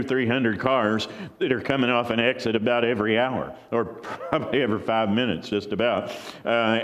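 A man preaching a sermon, telling a story in a conversational way and acting out voices from the crowd. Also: mid-range voice. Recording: long hall reverb.

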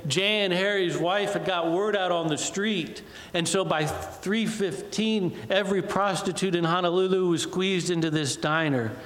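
A male preacher tells a story in a sermon, drawing out the dramatic moments. His voice sits a little high. A long reverb from a large hall hangs on every word. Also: a little slow, few pauses, fairly bright tone.

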